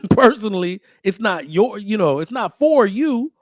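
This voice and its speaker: A young man with a somewhat high voice holds forth in a talk show, emphatic and preachy, building his point like a sermon. The sound is close and dry, with no room around it. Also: measured pace, dry recording. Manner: emphatic, preachy, animated storytelling with acted quotes. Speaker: podcast host. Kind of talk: casual opinionated chat.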